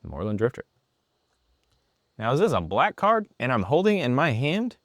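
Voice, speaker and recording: Excited man demoing a scanning app. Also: mid-range voice, normal speed, no room sound, clean studio sound. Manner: excited, playfully sarcastic. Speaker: app presenter. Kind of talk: product demo. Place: room with lights, indoors.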